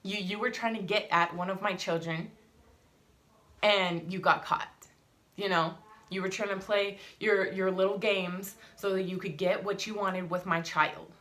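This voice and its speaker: A woman's voice: mid-range voice, fairly even intonation, unhurried, fairly bright tone. A young adult woman, a mother vlogging, telling a story in a heated, emphatic way and swearing. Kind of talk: casual vlog storytelling.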